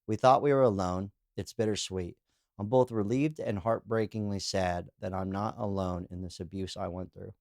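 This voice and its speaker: Rambling, candid man with a low voice. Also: steady tone, moderate pace, darkish tone, dry recording, clean studio sound. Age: adult, calls himself too old. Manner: rambling and candid, heavy on "you know" and "like" fillers; laughs while telling anecdotes. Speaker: podcast host. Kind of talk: casual solo monologue, reacting to read-out comments.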